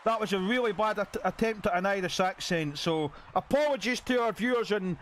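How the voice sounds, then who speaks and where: Very high-voiced man calling game wrestling. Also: a little fast. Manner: excitable calls with chatty asides. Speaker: wrestling commentator. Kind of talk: play-by-play video game commentary.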